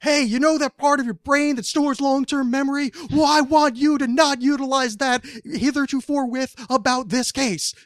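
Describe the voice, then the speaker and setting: A man voicing a pushy mobster lawyer in a clumsy put-on New Jersey accent, loud and full of stiff legal words. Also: steady tone, moderate pace, few pauses, dry recording, studio quality. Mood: menacing, mock-formal. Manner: loud, high-pitched, clumsy wordy legalese.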